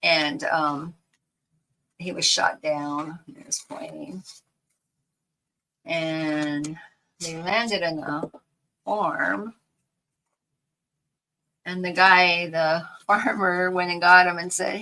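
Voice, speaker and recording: A woman's voice: fairly low pitch, slow, vocal fry, pauses often, sharp tone, low-quality recording. An older woman chatting casually while crafting at home, rambling through a family story and laughing easily. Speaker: craft vlogger.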